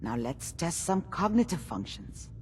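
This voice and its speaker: An actress voicing a calm woman scientist running a memory transfer in a game, speaking in a clinical, instructive way. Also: low voice, a little slow, a little hiss or hum. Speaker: game character.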